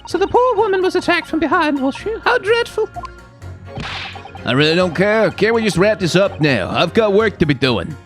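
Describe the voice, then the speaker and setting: Man doing a snooty bored lady juror, squeaky falsetto, dismissive. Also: huge pitch swings, normal speed, soft background music. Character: haughty upper-class woman juror, bored.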